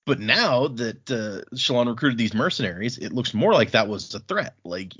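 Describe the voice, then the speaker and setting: Husky man retelling a story, lo-fi sound. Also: mid-range voice, expressive, fairly bright tone. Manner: retells scenes with quick offhand character quotes, laughs often. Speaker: podcast co-host. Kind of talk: casual book-club chat. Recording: dull lo-fi audio.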